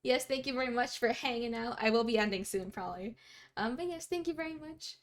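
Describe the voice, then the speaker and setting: A young Canadian streamer chats casually with her viewers while playing, giggling and bubbly as she reads their messages aloud. Her voice is fairly high and her pace brisk.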